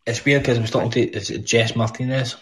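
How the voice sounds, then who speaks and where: A man's voice: medium pitch, level tone, fast, a little hiss or hum, poor audio. A Scottish man hosting a casual podcast call, blunt and teasing, swearing freely.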